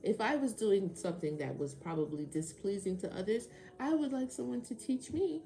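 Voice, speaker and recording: A woman on a casual livestream tarot reading, her voice gravelly with fry. She answers chat commenters with sarcasm and swears freely between cards. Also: medium pitch, animated, normal speed, few pauses, warm tone.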